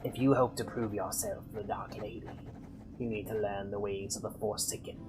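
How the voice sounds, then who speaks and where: A grim undead trainer sneers at a young mage in a low, quiet male voice, as a man reads the quest text. Faint music sits behind him. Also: steady tone, normal speed, close to an everyday voice, poor audio.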